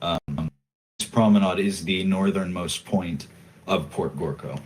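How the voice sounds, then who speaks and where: A man running a tabletop game as game master, calmly describing scenes and directing players. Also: low-pitched, unhurried, slight background noise, poor audio.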